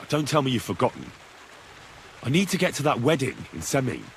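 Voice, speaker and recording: A man's voice: medium pitch, huge pitch swings, fairly quick, creaky, slight background noise. An actor voicing a blunt, earnest young male hero in a video game who asks plain, direct questions. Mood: impatient. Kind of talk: studio video game dialogue.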